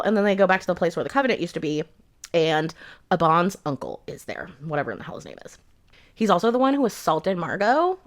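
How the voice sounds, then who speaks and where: A young adult woman giving a rambling, sarcastic book review in a casual rant, swearing freely. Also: fairly low pitch.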